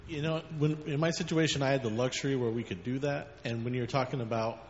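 A man speaks up from the group, talking quickly and casually. He sounds distant and muffled, with hall reverb and faint background noise. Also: mid-range voice, fairly even intonation. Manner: quick and conversational, with fillers. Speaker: group member making a comment. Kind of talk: casual spoken comment.

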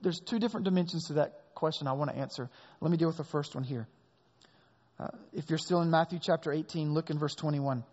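A man's voice: fairly high pitch, fast talker, darkish tone. A man preaching a sermon as pastor, leaning hard on key words, recorded in a large hall with a long echo and a dull sound.

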